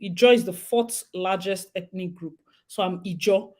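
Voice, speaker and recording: A young Nigerian woman from Rivers State hosts a casual live chat in her local accent, her voice fairly low and at normal speed. She's animated, laughs often and slips into pidgin.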